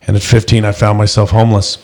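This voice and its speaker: A man with a low, gravelly voice talks in a loose, casual way with his co-hosts. He comes across as blunt and joking, and his tone stays plain and conversational. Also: level tone, quick pace. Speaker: podcast co-host. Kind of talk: casual chat.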